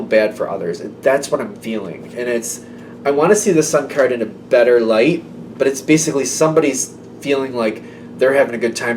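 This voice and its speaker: A man gives a casual tarot reading, talking loosely and by feel, with lots of "like" and "um". His pitch sits in a middle range. He is set back a little from the mic, with a faint low rumble behind him. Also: a little mellow, distant mic. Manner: rambling and intuitive, full of "like" and "um". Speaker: tarot reader.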